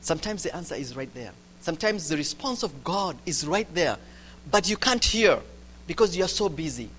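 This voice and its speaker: A man delivers a sermon. He moves between loud, urgent stretches and quiet, hushed ones. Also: fairly high pitch, lively intonation, moderate pace, a little hiss or hum. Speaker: preacher.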